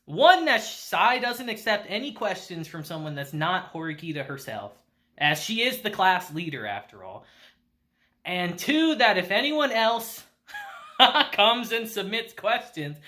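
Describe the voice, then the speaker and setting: A man's voice: high-pitched, pushed and bright. A man recapping an anime episode in a laid-back style, cursing and chuckling as he goes. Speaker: anime reviewer.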